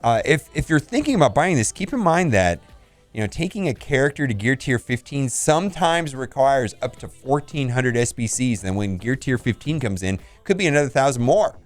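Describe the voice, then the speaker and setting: A man's voice: mid-range voice, animated, normal speed. A man hosting a casual game video, reviewing store offers with blunt verdicts and laughs. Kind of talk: casual commentary.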